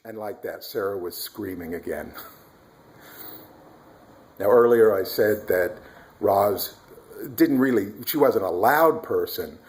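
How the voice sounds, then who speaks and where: A man's voice: lowish voice, lively intonation, takes it slowly, long pauses, darkish tone. A man casually telling a personal story about his mother-in-law, at times demonstrating sounds and whispering to explain.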